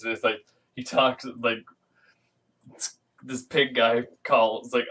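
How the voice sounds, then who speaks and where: A man's voice: medium pitch, flat delivery, takes it slowly, pauses often, sharp tone, far from the mic, poor audio. A man casually recapping a comic book issue, rambling with lots of fillers and restarts and acting out the characters' lines in silly voices. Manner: rambling, filler-heavy, acts out quotes in funny voices.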